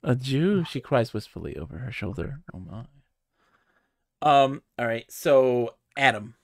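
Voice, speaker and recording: A man's voice: medium pitch, lively intonation, unhurried, creaky, no room sound, studio quality. A man streaming a text adventure, thinking aloud with lots of hesitation and wry jokes. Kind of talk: casual chat while playing a game.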